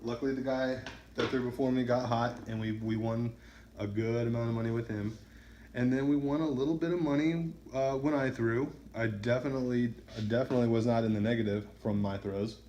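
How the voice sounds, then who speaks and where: A man chats loosely as he throws dice, drifting between stories and reading off each roll. His voice sits at an ordinary middle pitch. It bounces around an echoey room, with clear noise and dice clicks behind him. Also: steady tone, fairly quick, mellow, dull audio. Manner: rambling, counting results aloud. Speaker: craps vlogger. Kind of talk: casual talk while throwing dice. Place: indoors at a home dice-practice setup.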